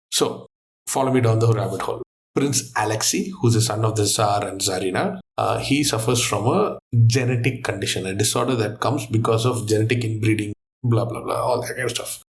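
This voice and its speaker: Man telling a story with animated energy. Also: on the low side, a little fast. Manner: animated storyteller, thinks aloud. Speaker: quiz guest. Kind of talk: casual quiz chat.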